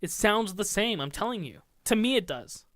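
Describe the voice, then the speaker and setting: A man's voice: high voice, moderate pace, dry recording, clean studio sound. A man co-hosting a casual music podcast, bantering and arguing about rap and reciting lyrics in rhythm. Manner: argumentative, animated, chuckles often. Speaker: podcast co-host.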